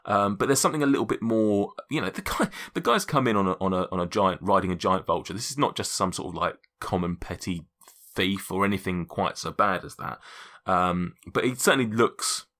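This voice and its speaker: A man's voice: sits low, brisk, bright, forceful tone. A man narrating a tabletop game as game master, rambling casually with many restarts.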